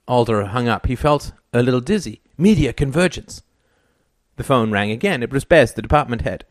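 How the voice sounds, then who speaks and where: A man's voice: medium pitch, lively intonation, normal speed, no room sound, clean studio sound. A man narrating an audiobook, giving each character a voice and stammering in his hero's lines. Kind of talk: scripted narration.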